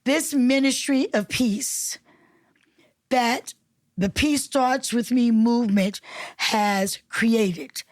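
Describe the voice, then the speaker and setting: A woman's voice: a little high, very slow, no room sound, studio quality. A woman from Newark, New Jersey, a councilwoman and reverend, talking emphatically in an interview and repeating phrases the way a preacher does. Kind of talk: conversational interview.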